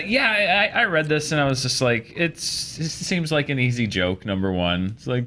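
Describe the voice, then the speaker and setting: A man's voice: mid-range voice, fairly bright tone, slight background noise. A man co-hosting a casual entertainment panel chat, opinionated and chatty, often restarting his sentences. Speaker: panel co-host.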